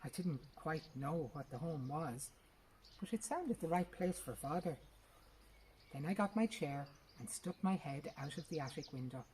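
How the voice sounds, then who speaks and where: A woman reads a short story aloud, her voice low and her telling lively and expressive. Faint birdsong sits in the background of the recording. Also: normal speed, a little hiss or hum, low-quality recording. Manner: lively, expressive first-person narration. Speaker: reader.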